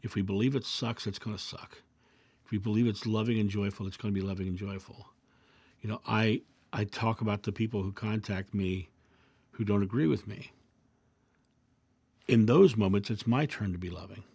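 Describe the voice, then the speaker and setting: A man hosting his own video channel, reflecting calmly through personal anecdotes and parables in a casual monologue. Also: lowish voice, normal speed, pauses often, husky, no room sound. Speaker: video host.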